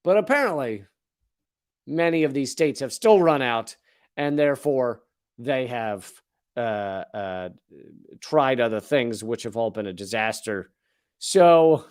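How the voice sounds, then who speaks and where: In this clip a man in his forties, a comedian and political commentary host, delivers a comedic political monologue. His voice is mid-range and slightly mellow, and he reads news stories with sardonic, profane asides.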